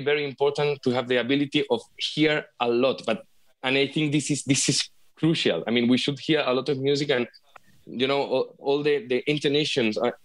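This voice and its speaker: A man with a Spanish accent talks as a guest over a video call, speaking English as a second language. His pitch sits in the middle range, and his speech halts with frequent restarts and repeated words. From Spain. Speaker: flute player guest. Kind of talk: casual video call interview.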